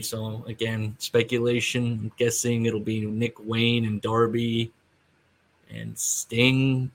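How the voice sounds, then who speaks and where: A man's voice: fairly low pitch, creaky, fairly bright tone. A middle-aged man hosting a casual podcast recap, rambling with wry, offhand asides. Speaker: podcast host recapping wrestling.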